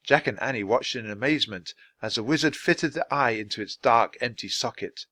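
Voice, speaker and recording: A man reading a children's storybook aloud, slowly and deliberately for English learners. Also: medium pitch, sharp tone, no echo. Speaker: storybook reader.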